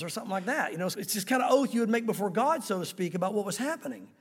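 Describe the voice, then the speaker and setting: A man's voice: sits high, expressive, rapid-fire, few pauses. A man preaching a sermon in a church, emphatic and conversational, calling his listeners "guys". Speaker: pastor. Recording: long hall reverb.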